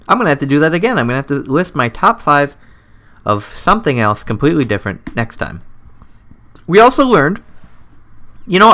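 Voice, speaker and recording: A man hosting his own comedy show, rambling through a goofy, self-mocking monologue close to the mic, his voice jumping and dropping in pitch and loudness. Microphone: close desk mic.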